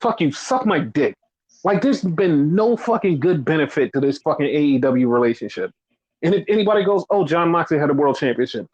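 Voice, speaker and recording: A man's voice: fairly high pitch, expressive, a little fast, a little mellow. A man hosting a casual podcast, ranting angrily with constant swearing and mocking sarcasm. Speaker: podcast host. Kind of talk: casual chat. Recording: dull lo-fi audio.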